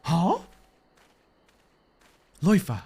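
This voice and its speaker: A man's voice: high-pitched, wildly swooping pitch, drawn-out words, vocal fry, dark tone, breathy edge. A man live-streaming a game, chatting to his viewers in a giggly, rambling way. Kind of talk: casual live-stream chat while gaming.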